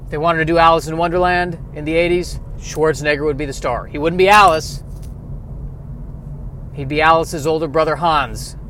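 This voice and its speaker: A man's voice: on the high side, steady tone, moderate pace, pushed and bright, slight background noise. A man in his thirties or forties rambling through a casual, self-deprecating monologue with many hesitant restarts. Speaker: podcaster.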